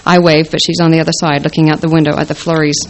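A woman's voice: deep voice, level tone, rapid-fire, slight background noise, poor audio. A woman reading her first-person story aloud with a wry, dry delivery.

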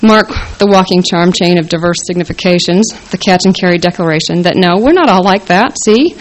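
A woman's voice: fairly low pitch, fairly quick, slight background noise, rough recording. Wry woman reading her own story. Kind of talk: first-person literary reading.

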